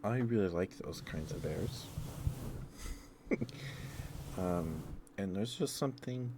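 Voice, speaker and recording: A man rambling in a soft, hesitant ASMR stream, with many pauses and fillers. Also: sits low, expressive, noisy background.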